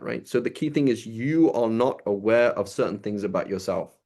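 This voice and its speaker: A man's voice: lowish voice, moderate pace, darkish tone. A man teaching an informal sermon, conversational and loose, often checking in with "right?". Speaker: religious teacher.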